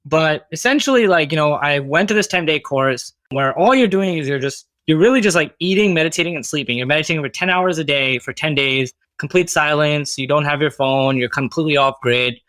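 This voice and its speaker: A man's voice: a little high, brisk, hardly any pauses, a bit bright, no echo. A man speaking as a podcast guest, reflective and casual, full of "like" and "you know". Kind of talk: casual conversational interview.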